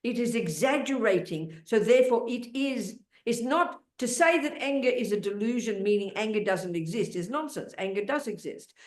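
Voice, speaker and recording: A woman's voice: fairly high pitch, expressive, moderate pace, hardly any pauses. Blunt older woman teaching in a roomy hall. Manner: blunt, interrupting, emphatic, talks over the questioner. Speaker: Buddhist nun and teacher. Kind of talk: dharma teaching, question and answer. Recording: roomy echo.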